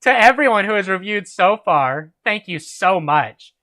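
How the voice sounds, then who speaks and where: A man's voice: high voice, expressive, measured pace, sharp tone. A man hosting a reading of a fan story aloud, chatting and laughing with friends between passages. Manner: amused, laughing reader. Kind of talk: reading aloud and casual chat.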